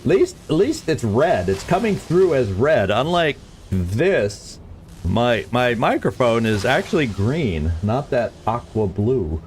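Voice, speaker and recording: A man's voice: medium pitch, sing-song, takes it slowly, darkish tone, slight background noise. A man streaming a game, chatting casually and stumbling over tricky words as he reads lore. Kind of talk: let's play commentary.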